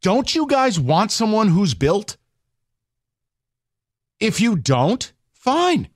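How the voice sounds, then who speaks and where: Sarcastic, animated sports radio host man. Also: high voice, slow, no echo, studio quality. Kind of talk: heated sports talk radio. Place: radio studio.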